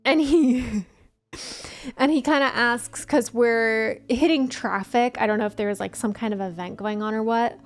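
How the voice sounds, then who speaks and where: Woman streamer, casual chat, higher-pitched, laughs a lot, faint music behind. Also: measured pace. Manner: chatty storytelling, laughs often. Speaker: gaming streamer.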